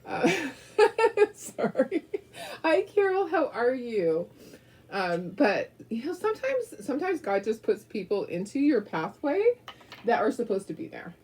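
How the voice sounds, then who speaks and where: A talkative woman hosts a craft video with a husky, slightly breathy voice. Her pitch swings up and down a lot as she rambles through stories while painting. She laughs often. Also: sing-song, a little slow, a little mellow. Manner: chatty, rambling storyteller who laughs often. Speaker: craft show host. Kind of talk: casual chat while painting.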